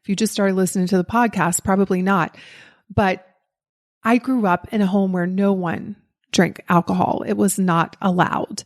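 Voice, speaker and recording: A woman's voice: medium pitch, steady tone, normal speed. A woman with a Southern US accent hosting a podcast, telling a personal story in a candid, self-deprecating way and laughing at herself. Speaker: podcast host.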